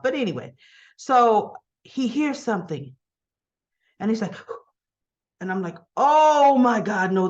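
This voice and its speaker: A woman's voice: medium pitch, muffled recording. A woman casually recapping a soap opera episode, acting out the characters' lines and adding exasperated asides.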